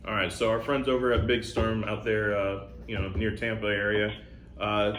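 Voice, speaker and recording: Low-voiced man explaining beers. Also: moderate pace, roomy sound, slight background noise. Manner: relaxed, filler-heavy explaining. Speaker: beer brand representative. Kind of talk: casual radio guest chat.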